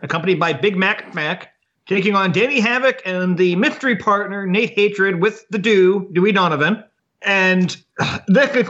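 A man co-hosting a podcast, recapping wrestling matches in casual chat. His voice is high, and the sound is dull and lo-fi. He gets exasperated and swears freely. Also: bright, forceful tone. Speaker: podcast co-host.

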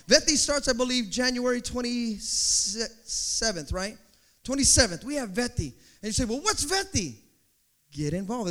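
A very high-pitched man preaching with a bright, ringing tone and a pitch that swoops all over. He preaches animatedly, acting out little scenes and building up to shouts. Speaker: pastor. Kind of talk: sermon.

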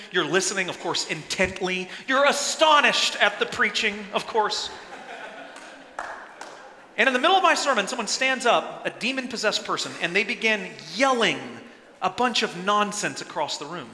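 A man preaching a sermon as pastor, animated, acting out quoted lines with sudden loud bursts. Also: sits high. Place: church sanctuary. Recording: echoey church hall.

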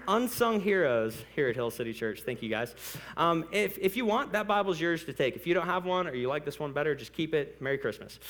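Male pastor, sermon in a church, lively animated pitch, slightly higher voice, playful asides. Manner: conversational, playful, with asides to the congregation.

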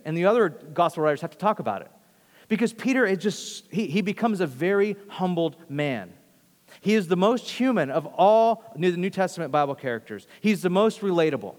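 A man's voice: high voice, animated, fairly quick. A man preaching a sermon earnestly, often repeating phrases and restarting sentences. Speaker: pastor. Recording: long hall reverb.

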